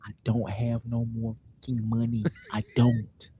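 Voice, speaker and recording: A man's voice: medium pitch, completely flat delivery, a little slow, dark tone, a little hiss or hum. A man co-hosting a podcast, ranting in casual chat and repeating himself. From St. Louis area. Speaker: podcast co-host.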